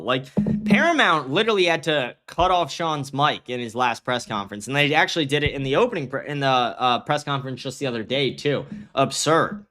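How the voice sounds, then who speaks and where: A man's voice: mid-range voice, pushed and bright. A young man hosting a casual political commentary stream, blunt and profane, rambling with restarts and reading viewer chat aloud. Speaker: livestream host.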